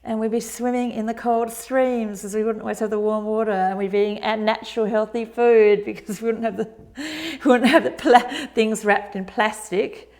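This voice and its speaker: A woman in her forties teaching a yoga routine, gentle and encouraging with chatty asides. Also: on the high side, steady tone, normal speed. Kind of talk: guided exercise instruction.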